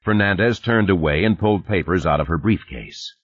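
Low, husky male audiobook narrator, lo-fi. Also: a little fast, no echo. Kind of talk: audiobook reading.

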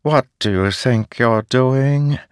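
A man doing a calm, condescending old ruler. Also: medium pitch, takes it slowly, clear, resonant tone, no room sound, clean studio sound, voice pushed up, natural voice. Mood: cold.

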